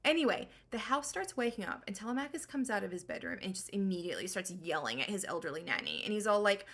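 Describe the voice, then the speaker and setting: A woman's voice: mid-range voice, animated, fast talker, hardly any pauses, a bit bright. A woman recapping an old story for comedy in slangy, sarcastic valley-girl speech. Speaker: host.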